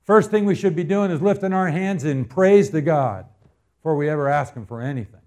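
A man from Arizona preaching a sermon as pastor, telling homespun stories and building to loud, emphatic appeals. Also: a little high, a little fast.

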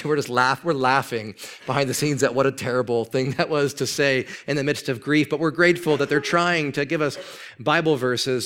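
A man's voice: fairly quick, smooth. Earnest male pastor preaching conversationally. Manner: earnest, conversational, acts out quoted speech with pitch jumps; drops soft and low when telling of grief. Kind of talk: sermon.

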